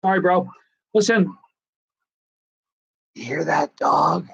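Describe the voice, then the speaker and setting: A middle-aged man chatting on a live stream, his voice sitting a little high. He rambles through stories with eager enthusiasm. The audio is dull and lo-fi, like a cheap stream mic. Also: slow, vocal fry, fairly bright tone, husky. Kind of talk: casual live-stream chat.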